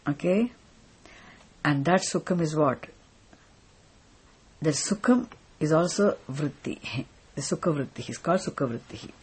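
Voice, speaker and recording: A teacher giving a philosophy lecture in a deliberate way, often stopping to check that listeners follow. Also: medium pitch, darkish tone, breathy edge. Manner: deliberate, repeatedly checks understanding. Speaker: spiritual teacher.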